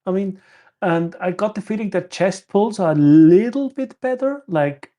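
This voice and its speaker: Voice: medium pitch, animated, measured pace, mellow. A guest on a live stream chatting casually and joking along with the host. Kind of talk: casual chat.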